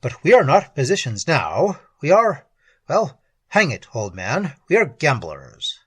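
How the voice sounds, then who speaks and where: A man's voice: fairly high pitch, huge pitch swings, measured pace, fairly bright tone, slightly rough, no room sound, heavily acted. A man voicing a startled male gambler, once a physician, who stammers and loses his composure in a storybook reading. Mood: flustered. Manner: stammering, flustered.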